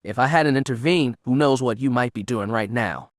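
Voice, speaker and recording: A man's voice: mid-range voice, moderate pace, dry recording, natural voice. A steely young Sith inquisitor woman, firm and scornful, in a storybook reading, acted by a male reader. The voice is dry and close with no room around it. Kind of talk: audiobook character reading.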